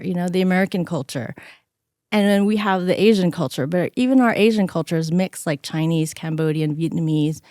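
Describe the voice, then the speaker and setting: Middle-aged woman guest, lively storyteller with a lower pitch, recorded close and dry. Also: dry recording. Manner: animated, acts out quoted voices. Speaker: interview guest. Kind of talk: conversational storytelling.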